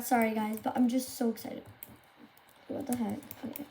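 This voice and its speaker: A woman commentating live gameplay to her viewers, gushing and excitable, often squealing and exclaiming. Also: fairly high pitch, moderate pace, heavy background noise. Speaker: game streamer.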